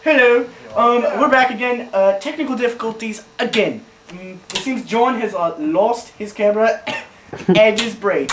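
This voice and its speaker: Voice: medium pitch, normal speed, close to an everyday voice. A performer playing a flustered male news anchor in a mock newscast, who keeps apologizing for technical trouble. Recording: distant roomy home video, faint hiss.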